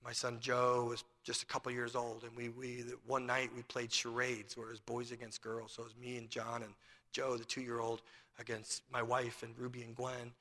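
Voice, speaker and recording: A man's voice: medium pitch, completely flat delivery, normal speed, pushed and bright, long reverb tail. A male pastor preaching a sermon, asking rhetorical questions and telling a family story.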